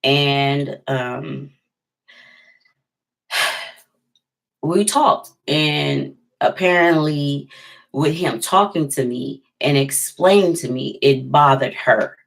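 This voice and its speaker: A woman with a gravelly, creaky texture and a somewhat low voice. She tells a personal story to the camera in a casual, emphatic vlogging style and leans on repeated phrases to drive her points home. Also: extremely slow, long pauses.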